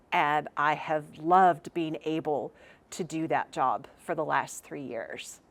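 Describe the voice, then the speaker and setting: A woman in her fifties giving an earnest candidate statement for school board. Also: on the low side.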